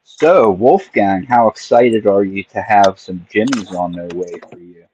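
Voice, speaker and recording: A man's voice: lowish voice, a little slow, darkish tone, a little hiss or hum, low-quality recording. A man co-hosting a live stream on a video call, friendly and welcoming toward guests. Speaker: stream co-host. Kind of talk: casual chat.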